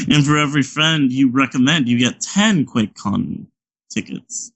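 A man's voice: mid-range voice, animated, slow pace, a bit bright, low-quality recording. A man co-hosting a casual gaming podcast, enthusiastic and full of fillers and swearing. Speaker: podcast co-host.

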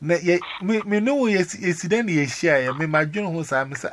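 A man's voice: high voice, animated, fast. A Ghanaian man in casual chat who adds short backchannels and jumps in with questions. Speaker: radio worker. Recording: noisy line.

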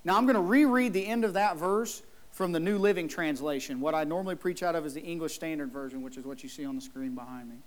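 A pastor preaches a sermon in church, his voice a little high and his delivery fast. He speaks emphatically and acts out the characters in his story, including a whining brother.

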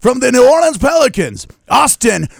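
A man's voice: very animated, vocal fry, breathy edge, no echo, clean studio sound, full character voice. A man imitating an arena announcer, stretching out each word of a player introduction. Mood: hyped. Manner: drawn-out, booming introductions. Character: booming male arena announcer.

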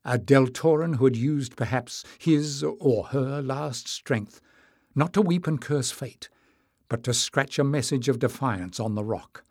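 A man narrating an audiobook in a measured storytelling manner. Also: medium pitch, darkish tone, husky, dry recording, clean studio sound. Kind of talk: scripted narration.

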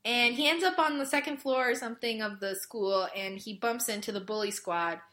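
A woman talking through a show's plot in a casual chat, her voice bright and fairly high. She tells it in an exasperated way, with lots of fillers. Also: moderate pace. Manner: exasperated, filler-heavy storytelling. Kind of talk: casual chat recapping a show.

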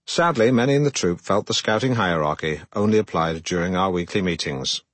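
An actor playing a pompous, self-regarding middle-aged broadcaster who narrates his own memoir in a deadpan way. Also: low-pitched, a little fast, dry recording. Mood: self-important. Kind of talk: comic audiobook narration.

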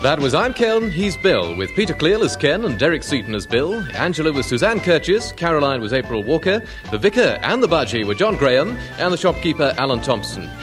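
A male announcer reads the closing credits of a radio comedy. His delivery is crisp and formal, with an animated lilt, and clear theme music plays under him. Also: fairly high pitch, brisk, hardly any pauses.

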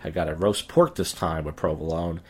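A man in his thirties, drunk, hosting his podcast with a profane, rambling story that jumps up in pitch when he rants. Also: fairly even intonation, normal speed, breathy edge. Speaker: podcast host and stand-up comic. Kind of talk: casual rambling podcast monologue.

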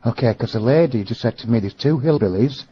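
An Englishman with a husky, mid-pitched voice makes a prank call over a muffled, lo-fi line. His tone is politely apologetic on the surface but keeps needling the man he is calling. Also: animated, fast, no room sound. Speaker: prank caller posing as hotel staff. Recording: lo-fi phone line.

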